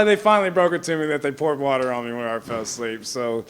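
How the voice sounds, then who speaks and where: A young wrestler in a casual interview speaks quickly with hardly any pauses, his mid-range voice clear and resonant with fairly even intonation. He rambles through stories, heavy on fillers like "you know what I mean," laughing often.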